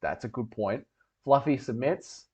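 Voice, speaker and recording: A man's voice: mid-range voice, a little slow, mellow, husky. A man hosting a livestream, reading chat and rambling with jokey, sweary banter.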